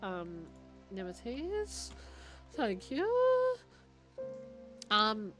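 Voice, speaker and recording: A woman's voice: medium pitch, extremely slow, faint music behind. Chatty young woman streaming a game. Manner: chatty and excitable, thinking aloud and reading on-screen text. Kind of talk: casual live-stream chat while playing a puzzle game.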